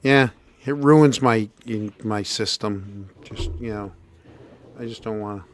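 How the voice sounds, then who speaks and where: A man hosting a podcast, telling a long story in casual chat and acting out every quote. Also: measured pace. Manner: animated storyteller, acts out quotes with big pitch jumps. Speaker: podcast host.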